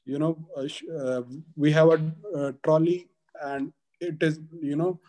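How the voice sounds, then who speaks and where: A man from Punjab, a guest in an interview, talking haltingly with many fillers and restarts. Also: fairly high pitch, fairly even intonation, dark tone. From Punjab, India. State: getting emotional. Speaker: guest, advocate. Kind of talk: emotional interview conversation.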